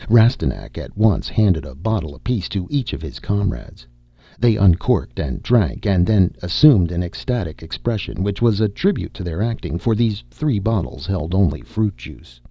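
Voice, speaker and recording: A man narrating a science fiction audiobook in a steady, measured reading. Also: low voice, creaky, slightly rough, no echo, lo-fi sound.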